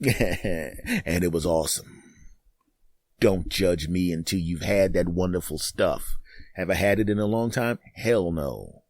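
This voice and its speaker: A man's voice: deep voice, animated, a little slow, a little mellow, no room sound, studio quality. Brash trash-talking man in his fifties. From Northeastern US. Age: 50s. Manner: brash, trash-talking, laughs at own jokes. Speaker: podcast host. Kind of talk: comedic monologue.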